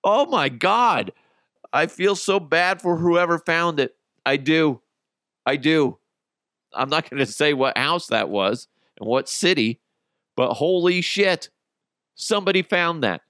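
Guy hosting a comedy podcast, cursing and laughing, super expressive, dry close sound. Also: a little high, slow pace, no echo. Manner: animated, profane storyteller who laughs at his own jokes. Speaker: podcast host. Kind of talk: casual comedic monologue.

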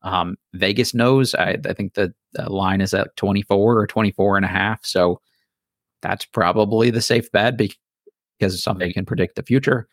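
A man's voice: fairly low pitch, fairly even intonation, moderate pace, dry recording, clean studio sound. A man hosting a casual sports podcast chat, blunt and opinionated. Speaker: podcast host.

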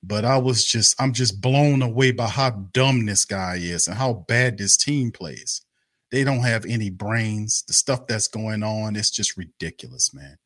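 A man's voice: lowish voice, a little slow, fairly bright tone, no echo, clean studio sound. A man hosting a fan live stream, ranting in a heated, repetitive, cursing and scornful way. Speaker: sports fan show host. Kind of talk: angry live-stream rant.

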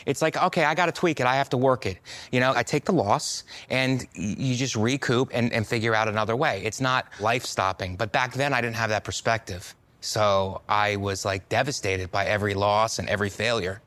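A middle-aged stand-up comedian with a lowish voice punches out jokes and breaks into sudden loud rants. In reflective asides he drops to a quiet, measured tone.

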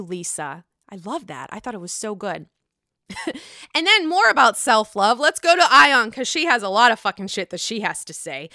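A woman's voice: on the high side, pushed and bright, no echo, studio quality. Gushing, profane woman. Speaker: podcast host. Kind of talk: casual reality-TV recap.

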